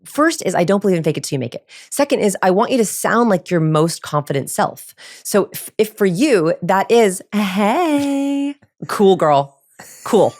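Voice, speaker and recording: A woman behavioral researcher chatting as a podcast guest, animated and demonstrating vocal tones. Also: brisk, few pauses. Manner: animated, demonstrates voices in high and low pitch. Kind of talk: casual chat with vocal demonstrations.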